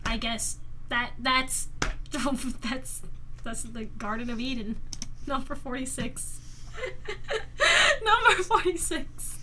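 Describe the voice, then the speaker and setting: A young woman streaming live, reading viewer questions aloud and answering them in an animated, giggly, mock-outraged way. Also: high voice, measured pace, slight background noise. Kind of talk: casual livestream chat, reading viewer questions.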